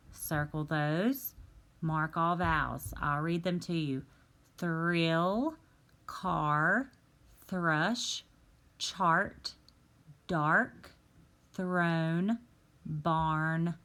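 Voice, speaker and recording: A woman teaches a recorded phonics lesson, reading each word slowly and with care. Her voice sits fairly low, and she talks at an unhurried, deliberate pace, as if to young children. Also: fairly bright tone. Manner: slow, careful, drawn-out word reading. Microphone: tablet microphone.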